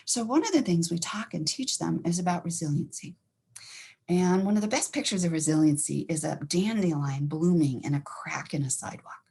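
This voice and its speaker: Husky, gravelly woman counselor. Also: on the low side. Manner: fast-talking, animated, acts out inner thoughts. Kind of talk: educational talk.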